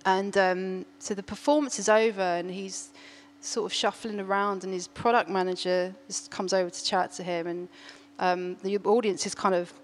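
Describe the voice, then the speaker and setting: A middle-aged woman, telling a story in a casual chat, animated, laughing often and restarting her sentences. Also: medium pitch, normal speed, few pauses, slight background noise.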